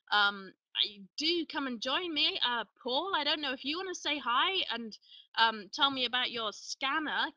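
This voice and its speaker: Bright, chatty woman host. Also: high-pitched, no echo, distant mic, poor audio. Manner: chatty, excitable, rambling with restarts. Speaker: live show host. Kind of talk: casual live-stream chat.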